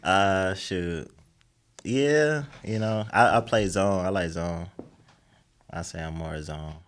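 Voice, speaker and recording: A man's voice: sits low, slow pace, a little hiss or hum. A man from the East Coast answering podcast questions as a guest, easygoing with short laid-back answers. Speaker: podcast guest, community business leader. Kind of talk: casual podcast interview.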